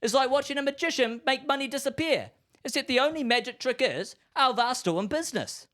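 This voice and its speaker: A man's voice: very high-pitched, expressive, brisk, fairly bright tone. A man on a podcast doing a shaky put-on British accent as a rambling conspiracy-theorist bloke, full of slang. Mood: yarn-spinning. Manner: spinning a yarn, full of slang and wild comparisons. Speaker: podcast co-host. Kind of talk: comedic scripted rant.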